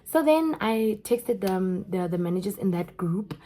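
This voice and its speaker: A young South African woman with a South African accent, telling a story in an animated way straight to her viewers. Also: mid-range voice, unhurried. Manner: animated, keeps addressing viewers as guys. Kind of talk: storytime vlog.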